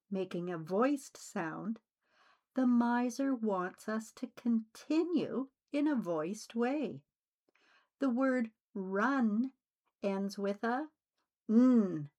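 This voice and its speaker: Slow, deliberate woman teaching pronunciation. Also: fairly high pitch, very animated. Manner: deliberate, carefully enunciated delivery. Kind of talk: slow scripted instruction.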